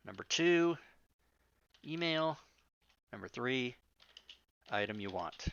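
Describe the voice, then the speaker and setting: A man's voice: medium pitch, pushed and bright, clear, resonant tone, dry recording, highs cut off. A man hosting a live-streamed talk show, chatting casually and rambling off on tangents with the odd swear word. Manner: rambling, profane, self-interrupting.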